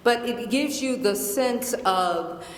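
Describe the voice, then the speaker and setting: A woman's voice: fairly high pitch, slow. Emphatic Southern woman in an echoey hall. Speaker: guest lecturer. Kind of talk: lecture Q&A. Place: large lecture hall. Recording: echoey hall with long reverb.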